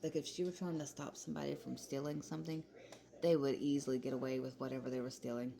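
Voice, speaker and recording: A woman's voice: extremely low pitch, level tone, quick pace, gravelly, mellow. A young woman, chatting casually in commentary and laughing often as she talks. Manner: chatty, laughs often, Southern-style "y'all". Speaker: commentary vlogger.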